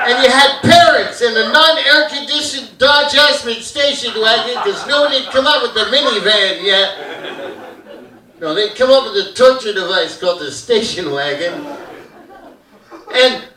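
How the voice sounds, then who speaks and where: A man's voice: extremely high pitch, sharp tone, distant mic. A man in his fifties, from Hamilton, doing a brash, rambling, crude stand-up routine. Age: 50s. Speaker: stand-up comedian. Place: theater stage, live audience. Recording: roomy live theater audio from afar.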